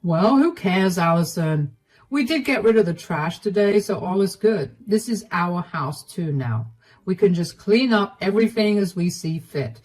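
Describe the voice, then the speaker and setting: A woman voicing a smug, entitled brother-in-law who waves off complaints quickly and dismissively. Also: lowish voice, animated, darkish tone.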